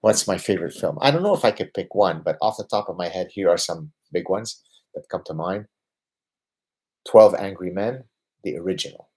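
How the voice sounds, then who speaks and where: Low husky-voiced man in his fifties. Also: moderate pace. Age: 50s. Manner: emphatic, with rhetorical "right?" tags; lively, getting excited about his passions. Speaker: host answering viewer questions. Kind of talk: livestream Q&A.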